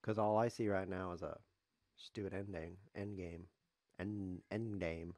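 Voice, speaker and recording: A man's voice: low voice, steady tone, moderate pace, darkish tone, dry recording, clean studio sound. A man commenting live on his own chess game as a streamer, sarcastic, self-mocking and grumbling.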